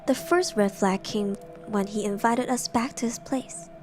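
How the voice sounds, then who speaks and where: A young woman streamer narrating horror stories in a soft, hushed semi-ASMR style, with giggly asides. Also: mid-range voice, measured pace, over music.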